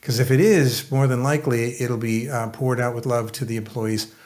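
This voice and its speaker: A man hosting a podcast, with a plain, mid-pitched voice. He talks in a measured, reflective way before he moves on to his next question. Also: steady tone, darkish tone. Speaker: podcast host.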